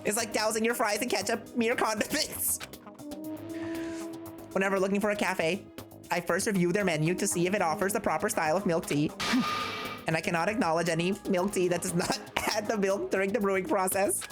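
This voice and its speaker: A woman's voice: mid-range voice, a little fast, pitched above the performer's own voice, lightly acted. A woman voicing a haughty gothic young woman with a put-on posh European-sounding accent, speaking primly and lecturing. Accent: put-on vaguely European posh accent. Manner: prim, lecturing, imperious. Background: game music.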